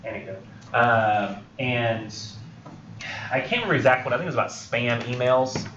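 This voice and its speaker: A young male college instructor lectures in a roomy classroom, heard through a dull, lo-fi recording with faint room noise. He rambles a little, leans on fillers and slips into quick impressions of film characters. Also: mid-range voice, fairly even intonation, fairly bright tone. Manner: rambling, filler-heavy, acts out film scenes.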